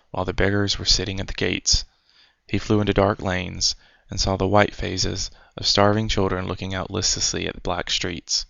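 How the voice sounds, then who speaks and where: A man reading a fairy tale aloud as a storyteller, in a measured, unhurried way. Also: low-pitched, gravelly, fairly bright tone, no room sound. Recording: dry, dull lo-fi recording.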